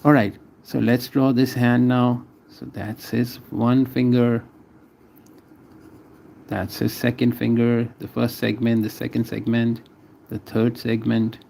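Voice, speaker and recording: In a mid-range, creaky, mellow voice, an artist streaming a drawing session names his strokes one by one and chats with viewers between them. His delivery is flat and slow, and there's a little hiss or hum.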